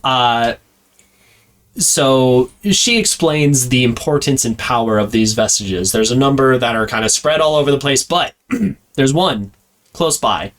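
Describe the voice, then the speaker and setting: A man's voice: mid-range voice, a little slow, fairly bright tone. A man co-hosting a podcast in casual chat, rambling with plenty of fillers and frequent laughs. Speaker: podcast co-host.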